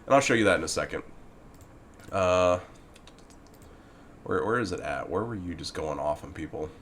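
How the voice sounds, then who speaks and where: A man's voice: low-pitched, lively intonation, normal speed, fairly bright tone, a little hiss or hum. A man ranting in a video about a game's forum moderator, heated and exasperated, swearing often and addressing the moderator directly. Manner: talks directly to the person he criticizes. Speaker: gaming commentator.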